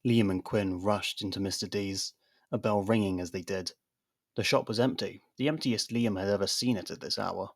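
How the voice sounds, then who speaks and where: A man's voice: lowish voice, moderate pace, breathy edge, no room sound, studio quality. A man narrating a fan-made science fiction story and reading every character's lines. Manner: reads all parts, lively character voices. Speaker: narrator and audiobook-style reader. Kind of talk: scripted narration of a fan audio drama.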